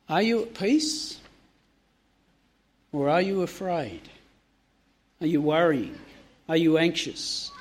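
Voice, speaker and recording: Higher-voiced man preaching a sermon. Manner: asks the congregation many direct questions.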